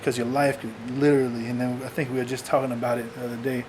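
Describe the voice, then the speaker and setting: A young man records a frank personal video diary about his illness from a parked car, thoughtful and saying "man" a lot. He talks very fast at medium pitch with little pitch movement, over music and a noisy background.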